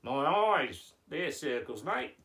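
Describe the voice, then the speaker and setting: A man voicing an excitable, cheerful Pringles-tube puppet with a put-on Australian accent, calling everyone mate. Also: fairly high pitch, slow, full character voice. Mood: chirpy. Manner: says "mate" constantly, gets overexcited.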